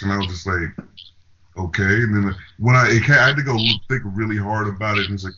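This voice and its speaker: A man's voice: lowish voice, fast. A man in casual podcast chat, telling stories and mimicking how others talk to him. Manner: storytelling, mock-quoting others. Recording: dull lo-fi with loud hiss.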